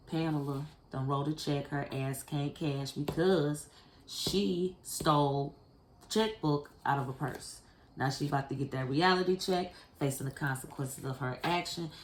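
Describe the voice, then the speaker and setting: A woman giving a casual spiritual card reading to her viewers, blunt and profane, speaking straight to them. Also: low-pitched. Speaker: tarot card reader. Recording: echoey room with faint noise.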